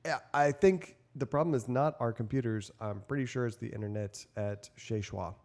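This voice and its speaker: A man's voice: medium pitch, normal speed, darkish tone. A man co-hosting a casual podcast panel chat, talking loosely and laughing often. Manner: chatty, laughs often, mock voices. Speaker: podcast co-host.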